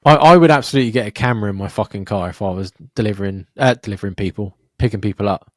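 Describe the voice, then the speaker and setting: A young man co-hosting a podcast, telling stories in a sweary, animated way. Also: fairly low pitch, very fast, no echo, studio quality. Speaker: podcast co-host. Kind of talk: casual podcast chat.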